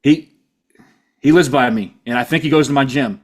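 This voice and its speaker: A man's voice: mid-range voice, moderate pace. A man with a Pittsburgh accent co-hosting a casual sports podcast, rambling, laughing often and acting out silly bits of dialogue. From Pittsburgh area. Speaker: podcast co-host.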